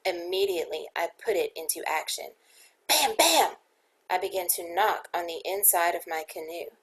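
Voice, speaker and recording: A woman's voice: fairly low pitch, animated, normal speed, lightly acted, low-quality recording. Woman as a dramatic old storyteller. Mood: tense. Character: old man storyteller spinning a ghost tale.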